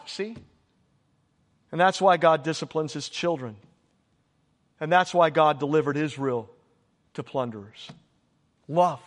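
A man's voice: a little high, moderate pace, pauses often, a bit bright. A man preaching a sermon, emphatic and repeating his exhortations. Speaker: pastor. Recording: long hall reverb.

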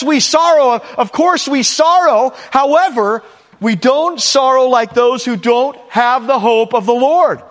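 A man's voice: very high voice, a bit bright, long reverb tail. A man preaching a sermon as pastor, earnest, with rhetorical questions and repeated lines. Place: church sanctuary.

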